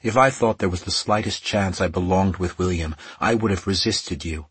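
A man reading the lines of a bitter, defiant young immortal woman in clipped, cold retorts, in a husky voice. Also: deep voice, normal speed, fairly bright tone, dry recording, full character voice.

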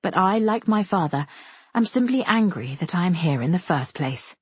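A woman reading a first-person story aloud with measured, intimate storytelling. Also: lowish voice, animated, slightly rough, no echo. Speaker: audiobook narrator. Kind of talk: first-person audiobook narration.

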